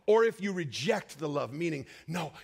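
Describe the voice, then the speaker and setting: A man preaching a sermon, telling a personal story with emotional swings between raised cries and hushed, quiet passages. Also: very animated, moderate pace, gravelly, slightly rough. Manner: emotional storytelling with sweeping highs and hushed lows.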